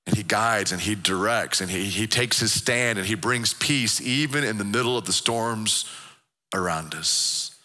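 A man preaching a sermon as pastor, earnest, repeating and restarting phrases, slowing down for emphasis. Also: fairly low pitch, pushed and bright, in a large hall. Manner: earnest, repetitive, stammering restarts, slows for emphasis.

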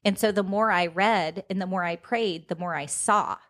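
A woman guest telling her personal faith story in an animated, conversational way. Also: on the low side, normal speed.

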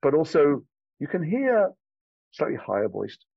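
English man, animated storyteller, lively voice, dull dry sound. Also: fairly high pitch, measured pace, creaky, breathy edge, no room sound. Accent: Liverpool and London English. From England. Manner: animated storyteller, swears casually. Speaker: actor guest. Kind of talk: interview conversation.

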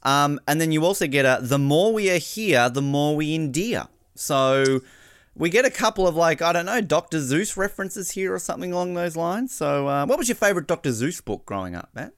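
A man co-hosting a casual podcast about a reality show, talking in an animated way and acting out quotes. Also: a little high, clean tone, no echo, studio quality. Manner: animated, quick to act out quotes. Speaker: podcast co-host. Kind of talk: casual chat.

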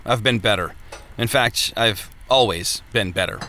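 A man's voice: lowish voice, measured pace, noisy background, close to an everyday voice. A man voicing a weary, irritable male blacksmith who answers in curt grumbles. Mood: grumpy.

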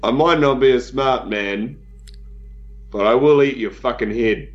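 A man's voice: mid-range voice, a little slow, muffled recording, natural voice. A man voicing a brash, belligerent male warrior adventurer who talks aggressively and swears. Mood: confrontational. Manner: aggressive, profane, confrontational.

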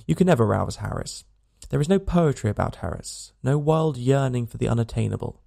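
A man reads a comic novel aloud in a dry, wry manner. His voice is heavily gravelly, with a mellow, dark tone throughout. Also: mid-range voice, expressive, a little fast. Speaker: audiobook narrator. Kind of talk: scripted narration of a comic novel.

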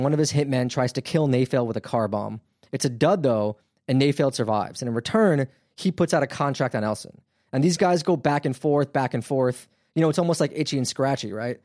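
A man's voice: mid-range voice, a little mellow, dry recording. Chatty male podcast host, dry sound. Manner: conversational, filler-heavy, wry. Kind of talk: casual storytelling chat.

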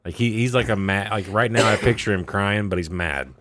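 A man's voice: lowish voice, fairly quick, crowd noise. A man co-hosting a podcast, reacting bluntly and joking, swearing freely. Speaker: podcast co-host. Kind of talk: casual reactive chat.

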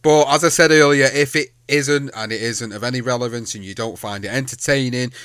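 A man's voice: mid-range voice, a little fast, fairly bright tone, clean tone, no room sound, studio quality. A man co-hosting a podcast, rambling cheerfully with frequent laughs and restarts. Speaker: podcast co-host and editor. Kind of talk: casual chat.

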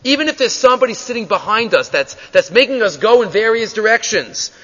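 High, bright-voiced man teaching a text. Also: animated, brisk. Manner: reads a Hebrew text line by line, then explains it in English, acting out the characters. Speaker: Torah teacher. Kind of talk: Torah class storytelling. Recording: dull lo-fi audio with long reverb.

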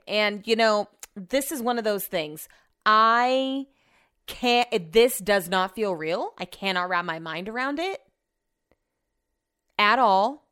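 Chatty young woman, smooth clear voice. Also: mid-range voice, fairly bright tone. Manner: chatty, rambling, says "like" often; shaken and subdued. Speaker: podcast host. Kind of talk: casual solo podcast chat. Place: home office.

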